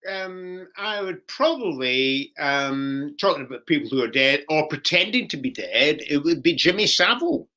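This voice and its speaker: A man co-hosts a comedy chat show, delivering dry jokes in a hesitant way. His tone is bright and edgy, and his pitch moves a lot. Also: lively intonation, normal speed, hardly any pauses. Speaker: co-host.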